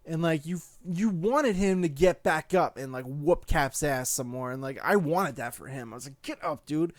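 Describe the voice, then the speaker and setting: A young adult man giving a casual spoken movie review, excitable and gushing, full of "like" and "dude". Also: fairly high pitch, normal speed, no room sound.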